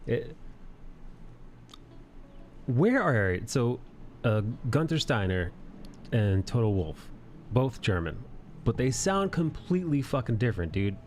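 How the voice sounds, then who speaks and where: A man's voice: medium pitch, sing-song, slow pace, pauses often, a little mellow, a little hiss or hum. A man hosting a casual livestream chat, rambling, swearing freely and laughing often. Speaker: livestream host. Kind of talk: casual chat while drawing.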